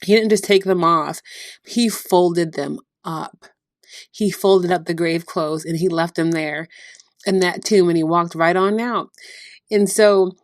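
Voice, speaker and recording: Woman doing a devotional podcast, lowish voice, laughs a lot telling bible stories, dry close sound. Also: no echo. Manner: lively storytelling with frequent laughter. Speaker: podcast host.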